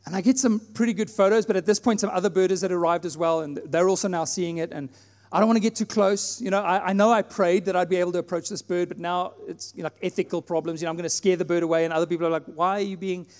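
A man from South Africa preaching a sermon in a church, telling a personal story and acting out his own prayers with animated delivery. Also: high voice, fast talker. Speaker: pastor. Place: church hall. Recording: long hall reverb, faint music.

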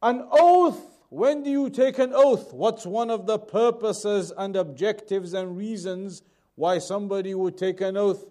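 A man teaching a lesson on Quran commentary, repeating key points and reading Arabic quickly before translating it slowly. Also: sits high, warm tone. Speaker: Islamic teacher.

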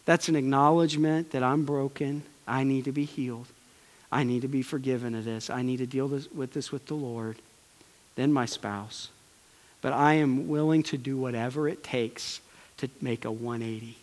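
A man preaching a sermon with passion, swinging from loud urging to hushed pleading. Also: medium pitch, fairly even intonation, normal speed. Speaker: pastor. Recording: long hall reverb.

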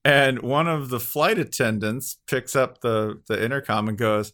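Brief: male podcast host, mid pitch, casual, acts out quotes. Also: unhurried, hardly any pauses. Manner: lively anecdote teller, acts out quotes. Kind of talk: casual chat.

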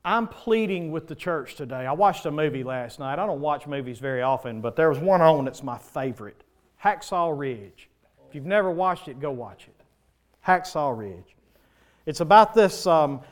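A man preaching a sermon in church, pleading and impassioned, swinging from loud swells to soft, quiet passages. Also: a little high.

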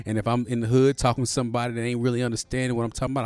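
A man's voice: mid-range voice, flat delivery, very fast, no room sound. A man in his forties hosting a podcast in a casual monologue, laid-back and profane, with lots of "you know" fillers. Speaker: podcast host. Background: soft beat playing underneath.

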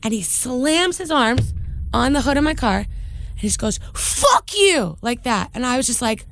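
A woman co-hosting a podcast, retelling a story in a lively, stammering way on a close mic. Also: fairly high pitch, normal speed. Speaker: podcast co-host. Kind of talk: casual storytelling chat.

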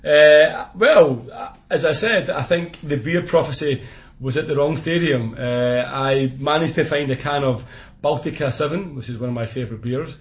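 A Scottish man co-hosting a casual football podcast, chatty and quick to laugh, with blunt opinions. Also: on the high side. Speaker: podcast co-host. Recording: dull lo-fi podcast audio.

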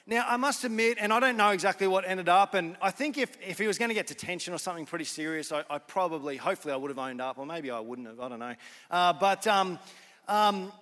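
Man, young adult pastor, sermon, high voice, reverberant hall. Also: fast, bright, forceful tone. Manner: casual storytelling with many fillers and restarts. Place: church hall.

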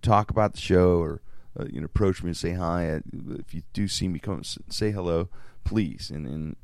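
A man's voice: low-pitched, moderate pace, a little mellow, no room sound. Guy hosting a radio show, rambly, lots of restarts, dry close mic. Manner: rambling storyteller, frequent restarts and swearing, laughs at own stories. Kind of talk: casual banter.

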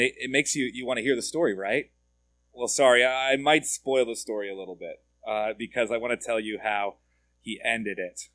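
A man's voice: mid-range voice, a bit bright, no room sound. A man giving a conversational sermon as a pastor, often asking his listeners direct questions and repeating words as he goes.

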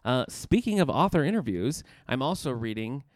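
A man co-hosting a casual podcast, talking in a measured, mildly wry way with frequent fillers. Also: mid-range voice, big pitch swings, no echo. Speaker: podcast co-host, librarian. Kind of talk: casual chat.

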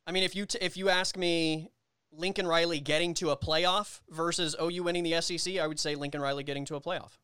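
Brief: male podcast co-host, smooth and crisp, a bit high, argues his point at length. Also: steady tone, quick pace, pushed and bright, no echo. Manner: restarts a lot, builds long arguments. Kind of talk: casual sports chat.

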